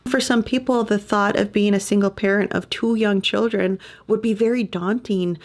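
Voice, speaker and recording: A woman's voice: medium pitch, fairly even intonation, moderate pace, a little mellow. A woman hosting a podcast, reading scripted true-crime narration with sympathetic personal asides. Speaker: podcast host.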